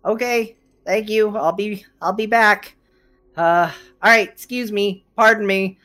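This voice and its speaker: A man's voice: high-pitched, steady tone, a little slow, pushed and bright, faint music behind, voice pushed up. A game master voicing a small, fussy male gnome servant who stammers and apologizes. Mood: flustered.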